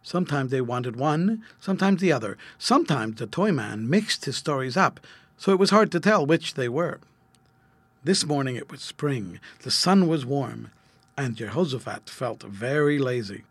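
Man reading a kids' storybook, husky voice, lots of lilt, dry close sound. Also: mid-range voice, lively intonation, moderate pace, dry recording. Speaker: narrator.

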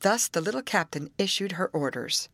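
A woman narrates an audiobook with lively, expressive intonation. Her voice sits a little low. The recording is dry and close. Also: normal speed, no echo. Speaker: audiobook reader.

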